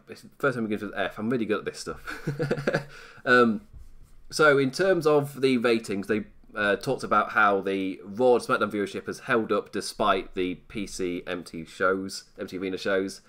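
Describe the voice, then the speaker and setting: A man's voice: on the low side, normal speed, a bit bright. A British man hosting a live stream, commenting casually in a rambling, self-mocking way and laughing often.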